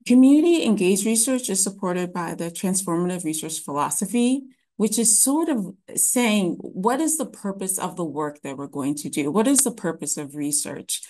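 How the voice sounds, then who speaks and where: A woman presenting an academic lecture in a webinar, explaining ideas in a measured way with frequent ums and restarts. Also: lowish voice, animated, warm tone.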